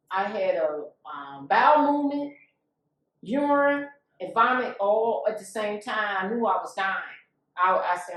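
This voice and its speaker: A woman's voice: mid-range voice, heavy reverb, distant mic, poor audio. A woman giving a candid, emotional testimony, acting out the voices of people she quotes. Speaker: guest.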